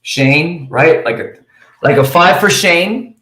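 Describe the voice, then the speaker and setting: A man coaching cold calling live from his office, talking with high energy. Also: takes it slowly, pushed and bright, roomy sound. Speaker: sales coach.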